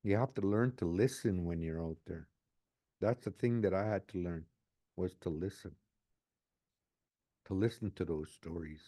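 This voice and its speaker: Older guy near seventy, lowish mellow voice, earnest reflective interview talk, repeats himself a lot. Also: moderate pace, pauses often. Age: 60s. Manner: earnest, repeats his phrases. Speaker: community advocate.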